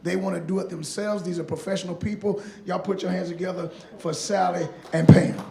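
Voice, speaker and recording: A woman's voice: on the low side, steady tone, a little fast, gravelly. A woman introducing speakers at a conference in a casual, chatty way. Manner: casual, chatty, addresses audience as y'all. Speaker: conference moderator. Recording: echoey room with faint noise.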